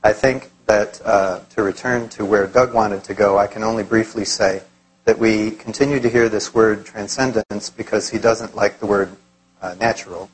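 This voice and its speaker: A man speaking in a formal debate, measured and rhetorical. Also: lowish voice, steady tone, slightly rough, poor audio.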